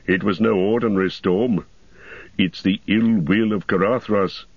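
Man doing a gruff dwarf warrior, low husky growl, grim, dry dull recording. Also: steady tone, measured pace, dry recording.

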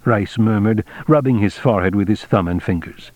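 A man narrating a novel in a measured, dramatic reading. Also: fairly low pitch, darkish tone, dry recording. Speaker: audiobook narrator. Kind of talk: scripted narration. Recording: dull, dry lo-fi audiobook recording.

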